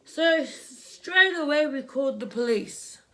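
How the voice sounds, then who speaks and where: Young woman vlogger, tearful and halting, a little high-pitched, speaking close to a camera at home. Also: expressive, fairly bright tone. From Australia. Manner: tearful, halting, repeats herself. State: crying. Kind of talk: emotional personal story while doing makeup. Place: home room, indoors.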